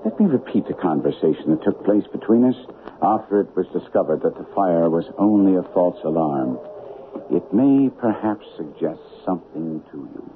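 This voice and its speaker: Sherlock Holmes, low and lively. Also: male voice, phone-quality sound. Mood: reflective. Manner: measured, thoughtful, dry wit. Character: shrewd, composed male detective, calm and deliberate. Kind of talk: 1940s radio acting. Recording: scratchy old radio broadcast with faint hiss.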